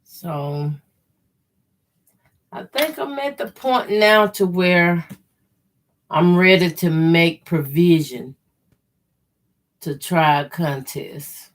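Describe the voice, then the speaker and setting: A woman's voice: fairly low pitch, animated, a little hiss or hum. A woman chatting to viewers in an easygoing way while she sews quilt blocks on a livestream. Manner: slow, easygoing running commentary, addresses viewers as y'all. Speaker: quilter hosting a sewing livestream. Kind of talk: casual chat while sewing.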